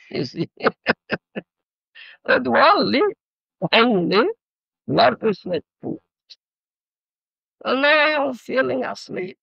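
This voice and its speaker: A man's voice: extremely high pitch, sing-song, slow pace, vocal fry, long pauses, slightly rough, no echo. An older man with an Odia accent giving a sermon, often checking that his listeners understand and explaining words. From Odisha, India. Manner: keeps checking "you understand?"; explains terms. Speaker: spiritual teacher. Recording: dull lo-fi archive recording.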